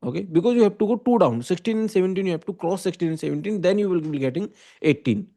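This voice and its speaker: A man with an Indian English accent teaches an online class. His voice sits a little high and has a mellow tone. He works through each step slowly and keeps checking that the listener follows. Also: animated, vocal fry. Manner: explains step by step, often checking with "okay?" and "right?". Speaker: computer science teacher. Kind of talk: online lecture.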